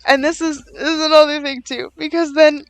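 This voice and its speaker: Gravelly-voiced young woman reviewing a book. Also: sits high, steady tone, brisk, no echo. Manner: chatty, frequent "like" fillers, exasperated asides. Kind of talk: casual book review vlog.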